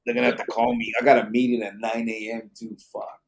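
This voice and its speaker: A middle-aged man talks at a mid pitch, easygoing and foul-mouthed. He reads out viewer comments and jokes with his co-host on a live late-night podcast. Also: very animated, quick pace, vocal fry. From Arizona. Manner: laid-back, profane, laughs often.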